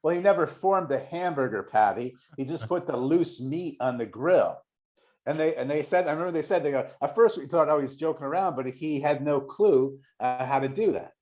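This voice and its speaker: A man's voice: fairly high pitch, expressive, normal speed, a little mellow. Rambling middle-aged male storyteller. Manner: rambling, many restarts, acts out quoted voices. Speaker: guest, longtime showrunner. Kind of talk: casual anecdotal storytelling.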